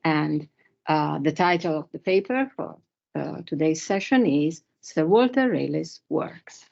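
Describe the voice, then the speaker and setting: Low gravelly woman introducing a speaker. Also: darkish tone, highs cut off. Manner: list-like, halting reading with fillers. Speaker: seminar chair introducing the speaker. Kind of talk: reading a speaker's biography.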